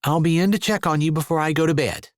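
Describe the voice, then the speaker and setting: Wry, teasing young woman, lifted pitch, voiced by a male narrator. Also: quick pace, dry recording, close to an everyday voice. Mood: dry. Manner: dry, teasing.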